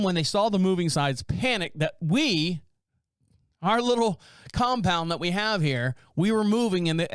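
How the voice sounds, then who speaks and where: High-voiced, smooth-toned rambling male host. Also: no echo, clean studio sound. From North Carolina. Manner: rambling, self-interrupting storyteller who acts out neighbors' lines. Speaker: podcast host. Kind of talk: casual solo podcast monologue. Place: small home studio.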